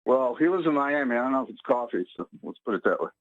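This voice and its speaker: A man calling in to a talk radio show, fired up and talking fast, heard over a phone line. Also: mid-range voice, expressive, no echo. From San Diego area. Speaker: caller. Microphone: telephone.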